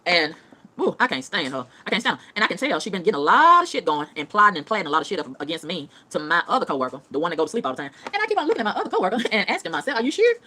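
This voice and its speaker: A woman's voice: fairly low pitch, very animated, rapid-fire, pushed and bright. A woman ranting casually to her audience in a profane, emphatic style, repeating phrases for punch. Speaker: vlogger. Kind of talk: casual rant to camera.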